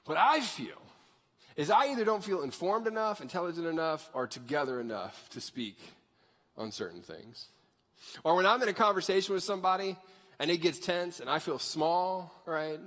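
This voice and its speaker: Man preaching, high voice, very lively pitch, casual jokey sermon, long hall reverb. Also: moderate pace. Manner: animated, conversational, jokey. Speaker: pastor. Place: church sanctuary.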